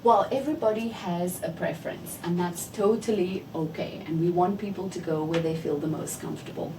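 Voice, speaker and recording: A woman, a cruise manager, answering interview questions politely and at length in an articulate way. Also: fairly low pitch. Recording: distant mic with clear background noise.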